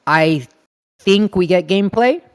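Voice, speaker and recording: A man from Canada hosting a casual gaming podcast, upbeat, laughing often and firing off quick questions. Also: high-pitched, animated, smooth. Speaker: podcast host.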